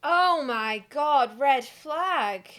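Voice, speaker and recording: A woman's voice: sits high, expressive, fairly bright tone, shouting. A young woman co-hosting a podcast, reacting with short quips and casual comments. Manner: reactive, quick quips between listening. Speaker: podcast co-host. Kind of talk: casual chat.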